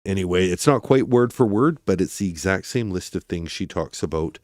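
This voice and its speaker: A man's voice: sits low, lively intonation, brisk, a little mellow, dry recording, studio quality. A man hosting a true crime livestream, chatting casually and rambling as he talks to his viewers.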